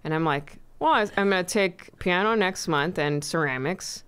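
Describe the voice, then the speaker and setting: A woman comedian chatting as a podcast guest, soft-spoken and halting, often trailing off. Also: fairly low pitch, clear, resonant tone. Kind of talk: casual chat.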